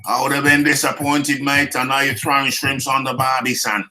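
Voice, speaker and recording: A British man hosts a casual live boxing stream with a bright, forward tone. He jokes, teases his chat and repeats phrases as he goes. Faint music runs low behind him. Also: little pitch movement, moderate pace. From United Kingdom. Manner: jokey, teasing, chatty with viewers; laughs often, repeats phrases. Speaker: boxing talk show host.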